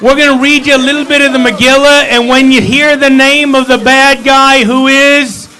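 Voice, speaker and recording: A man's voice: extremely high pitch, level tone, moderate pace, sharp tone, poor audio. A man leading a service, telling a holiday story with humor and playful asides in a sanctuary. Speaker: service leader.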